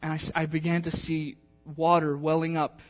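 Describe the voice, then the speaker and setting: A man's voice: on the high side, completely flat delivery, normal speed, soft background music. Emotional man preaching a sermon. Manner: emotional storytelling, chatty with many fillers. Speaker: pastor.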